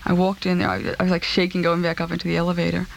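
A woman recounting a personal ordeal in an interview, speaking in a halting, subdued way and repeating herself. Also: lowish voice, monotone, vocal fry.

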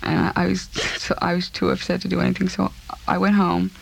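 A woman recounting a personal ordeal in an interview, speaking in a halting, subdued way and repeating herself. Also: fairly low pitch, monotone, vocal fry, husky.

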